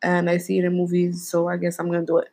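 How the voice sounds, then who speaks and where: A woman's voice: lowish voice, monotone, fast, a little mellow, poor audio. Young woman chatting casually, lots of slang and "like", frank storytelling, regular co-host. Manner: candid, slangy storytelling with many fillers. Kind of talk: casual chat.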